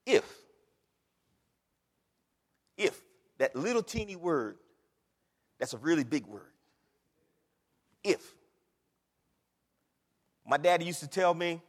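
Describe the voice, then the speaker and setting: A male pastor preaching with a high, bright voice that leaps up and down in pitch, dropping to quiet asides and rising to loud cries. The long reverb of a big hall trails after every phrase. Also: sing-song, slow pace, long pauses. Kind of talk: sermon.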